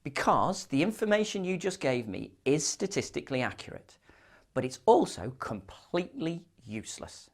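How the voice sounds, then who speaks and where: A man's voice: fairly high pitch, big pitch swings, moderate pace, voice pushed up. A man voicing a lost, indignant man in a balloon within a joke, talking in a raised, exasperated way.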